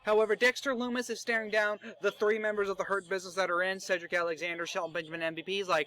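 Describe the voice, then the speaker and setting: A young man narrating wrestling fantasy booking in a casual, excitable way, joking and swearing. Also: high voice, very fast, hardly any pauses. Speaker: fantasy booker.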